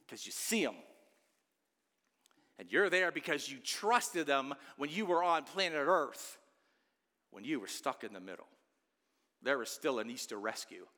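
A man preaching an Easter sermon as a pastor, swinging into loud pleading outbursts between quieter stretches. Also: fairly high pitch, big pitch swings, measured pace, long pauses. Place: church sanctuary. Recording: long church reverb.

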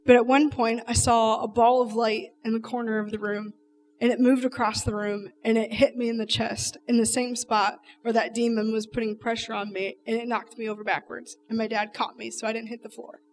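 A woman's voice: on the high side, little pitch movement, a little fast, far from the mic. A woman telling an emotional personal testimony, earnest and emphatic, speaking straight to the audience.

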